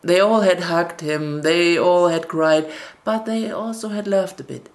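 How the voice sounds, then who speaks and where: A woman narrating a fairy tale in a gentle storybook reading, with scripted narration. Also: fairly low pitch, measured pace. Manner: gentle storybook reading with quoted family dialogue.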